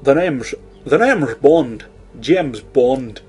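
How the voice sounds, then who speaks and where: A man doing an impression of a suave, smug male secret agent, lowering his voice into clipped lines. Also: fairly even intonation, drawn-out words, soft background music.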